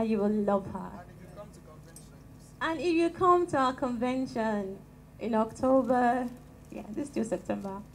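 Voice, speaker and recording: A Nigerian woman with a tiny, soft voice, praying and speaking calmly and gently to a church women's gathering into a handheld microphone. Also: on the high side, slight background noise, poor audio. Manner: calm and gentle, chatty with light laughs. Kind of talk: prayer and talk to a church gathering.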